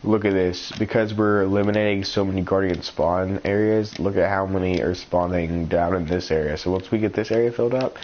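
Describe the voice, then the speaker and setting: A man talking through his gameplay as a channel host, rambling and thinking aloud with many ums and restarts, sounding congested and a little rough. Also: deep voice, steady tone, brisk, few pauses. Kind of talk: casual gameplay commentary. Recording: slightly dull lo-fi sound with faint noise.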